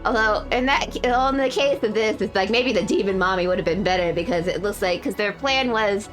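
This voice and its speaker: A woman's voice: medium pitch, a little fast, few pauses. A woman streamer chatting casually on a live stream, her talk rambling and full of restarts and little laughs. She sounds a bit under the weather, and faint game music plays underneath her voice. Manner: rambling, self-correcting, laughs often. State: feeling unwell.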